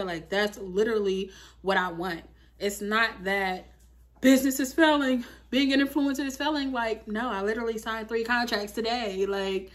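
Speaking at a medium pitch, this woman in her thirties is a lifestyle vlogger chatting away in a home video. She's lively and chatty, sprinkling in plenty of "like" and "you feel me".

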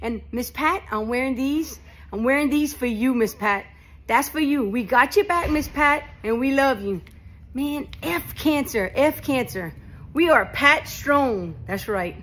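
A woman's voice: high-pitched, lively intonation, a little slow, fairly bright tone, slight background noise. A woman with a Cajun Louisiana accent chatting to camera, effusive, folksy and full of thanks. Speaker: vlogger. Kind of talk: casual chat to camera.

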